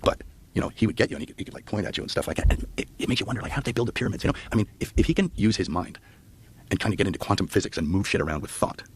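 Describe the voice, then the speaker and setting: A man's voice: on the low side, rapid-fire, breathy edge. A man, a podcast guest, telling a story in casual chat and acting out the people in it. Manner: animated storyteller who acts out the people in his stories.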